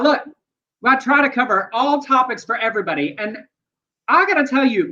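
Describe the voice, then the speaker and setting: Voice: medium pitch, sharp tone, muffled recording. A co-host of a casual news chat show, making wry, chatty asides.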